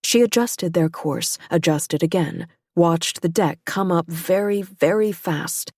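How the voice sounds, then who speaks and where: A woman narrating a novel as an audiobook, with a measured, even delivery. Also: fairly low pitch, dry recording, clean studio sound. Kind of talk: scripted narration.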